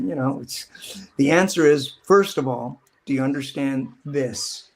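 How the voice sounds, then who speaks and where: A middle-aged actor telling stories in a casual interview, rambling and acting out quoted lines in different voices. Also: male voice, mid-range voice, unhurried. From Southern California. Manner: rambling, animated, acts out quotes. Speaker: actor guest.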